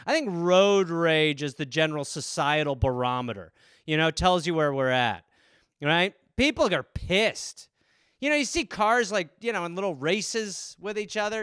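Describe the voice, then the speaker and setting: A man's voice: fairly high pitch, fairly bright tone, smooth, no room sound, studio quality. A man hosting a comedy podcast, riffing alone on topics in a rambling, profane, self-deprecating way. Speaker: podcast host.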